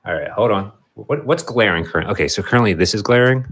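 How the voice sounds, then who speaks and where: A man's voice: fairly low pitch, expressive, quick pace, a bit bright. Rambling man chatting on a livestream. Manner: rambling, talks to his cat and to chat viewers, many restarts. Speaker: livestream host. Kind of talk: casual livestream chat.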